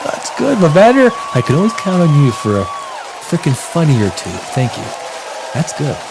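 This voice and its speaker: A man's voice: on the high side, wildly swooping pitch, normal speed, crowd noise, noisy background. A man hosting a live movie news stream, reading viewer comments in a crude, rambling way and laughing often. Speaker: host.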